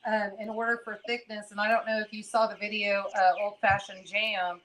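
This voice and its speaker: A woman in her home kitchen, explaining relaxed and hands-on as she works, on a casual video-call livestream. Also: mid-range voice, moderate pace. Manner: relaxed, explains while working. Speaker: guest canner explaining. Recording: noisy background.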